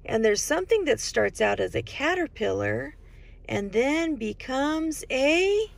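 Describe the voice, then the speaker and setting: A woman's voice: sits high, very animated, a little slow, vocal fry. A woman hosting a children's storytime, asking young viewers questions as she points out things on each page and sometimes drops to a whisper. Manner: sing-song questions to kids, drops to whispers. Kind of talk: reading a picture book to young children.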